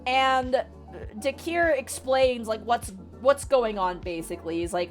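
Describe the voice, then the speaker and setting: Young woman streamer, excitable, casual and profane, pitch a touch high. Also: unhurried, soft background music. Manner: animated, swears, talks to chat. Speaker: VTuber streamer. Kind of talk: casual livestream book recap.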